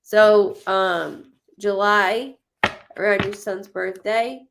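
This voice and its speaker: Woman, psychic medium, live stream chat, gravelly, blunt, repeats herself, faint background noise. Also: mid-range voice, a little slow. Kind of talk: casual live-stream chat reading viewer comments.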